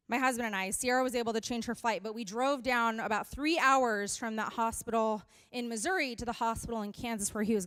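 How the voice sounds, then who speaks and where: Young female youth pastor, higher, smooth voice, close dry mic, earnest sermon delivery. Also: no echo. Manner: earnest and animated, mixes scripture with candid storytelling. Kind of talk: youth sermon with personal story. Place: church hall.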